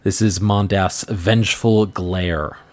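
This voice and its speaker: A man narrating as game master for a tabletop game, upbeat and quick to react. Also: sits low, steady tone, background noise.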